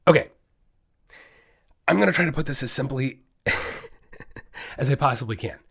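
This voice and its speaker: A man's voice: medium pitch, unhurried, vocal fry, a bit bright, slightly rough. A man hosting his own dog training podcast, talking solo in an emphatic, fired-up way that often slides into ranting.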